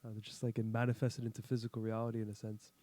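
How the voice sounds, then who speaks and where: Male co-host, calm and thoughtful, dry sound. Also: on the low side, racing, dry recording. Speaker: podcast co-host. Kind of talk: casual chat.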